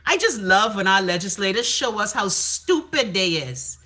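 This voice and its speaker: A woman hosting a casual live stream, reading viewer comments aloud in a brash, profane, gossipy way, with sudden dramatic jumps in pitch. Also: big pitch swings, normal speed, pushed and bright.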